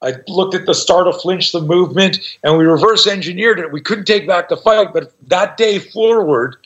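A middle-aged man on a podcast tells a story in a casual, profane way, acting out the other voices. His voice sits fairly high for a man. The recording is slightly dull and lo-fi. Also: normal speed. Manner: profane, animated, acts out quoted voices. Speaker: podcast guest.

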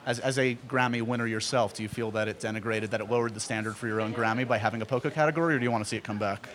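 A man hosting a casual interview, chatty and teasing, quick to laugh. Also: medium pitch, steady tone, a bit bright.

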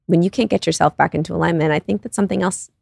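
A woman's voice: on the low side, steady tone, very fast, gravelly, darkish tone, husky, no echo. A woman in her thirties, a podcast guest telling her story in an earnest, confessional way with lots of "like". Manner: earnest and confessional, many "like" fillers. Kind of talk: candid personal storytelling.

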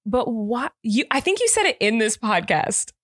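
Woman, podcast co-host, animated, teasing, high pitch, dry sound. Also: normal speed, no room sound. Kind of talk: casual chat.

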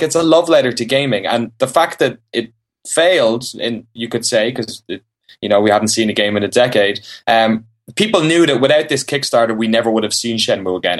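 A man appearing as a guest on a gaming podcast, talking in an animated, chatty way with lots of likes and restarts. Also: mid-range voice. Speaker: podcast guest, games journalist. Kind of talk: casual podcast chat.

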